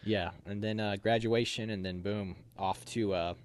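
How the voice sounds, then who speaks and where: A man's voice: lowish voice, normal speed, a little hiss or hum. A young man casually telling a story from his army training, acting out the voices of others as he goes. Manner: animated, acts out quoted voices. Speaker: officer candidate interviewee.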